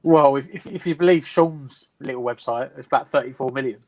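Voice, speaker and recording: A man's voice: medium pitch, brisk, a little mellow, dry recording. Offhand man with stumbling starts. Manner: stumbling, offhand, vague figures. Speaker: fan channel co-host. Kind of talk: casual live chat.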